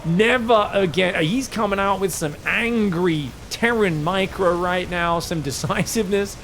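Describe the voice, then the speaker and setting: A man from Australia putting on a British accent, casting a live game with jokey, excitable commentary that jumps into loud exclamations. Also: sits high, moderate pace, a little hiss or hum. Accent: put-on British over Australian. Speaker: esports caster.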